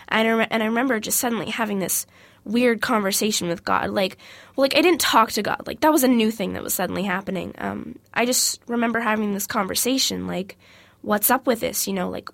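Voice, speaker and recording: A young woman reluctantly telling a painful personal story, halting with many fillers. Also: mid-range voice, gravelly, no echo. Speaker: interviewee.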